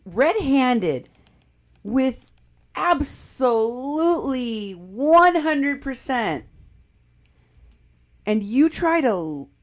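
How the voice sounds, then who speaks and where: A woman's voice: high-pitched, big pitch swings, extremely slow, pauses often. Emphatic woman host with many restarts. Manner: emphatic, indignant, with frequent restarts. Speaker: show host. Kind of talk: political commentary on a live stream.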